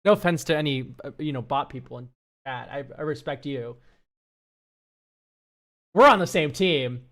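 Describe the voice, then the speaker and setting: A deck-review streamer chatting straight to their live chat in a loose, unscripted way. They rant freely and drop swear words without a second thought. The voice sits at an ordinary middle pitch. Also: moderate pace, pauses often, fairly bright tone. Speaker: streamer reviewing viewer decks. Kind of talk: casual livestream chat.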